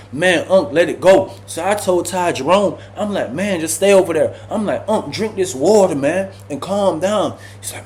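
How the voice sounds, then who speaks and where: A young man telling a prison story in casual storytime style, animated and full of slang, acting out voices and sound effects. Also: high-pitched, normal speed, hardly any pauses, slight background noise.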